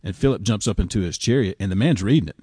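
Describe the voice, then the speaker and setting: A pastor with a drawl speaks in a fairly low voice. His delivery is folksy and anecdotal, with stop-start repeats. The sound is close and dry, with no room echo. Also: racing, mellow, husky. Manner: folksy storytelling, repeats words when starting. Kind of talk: casual podcast discussion.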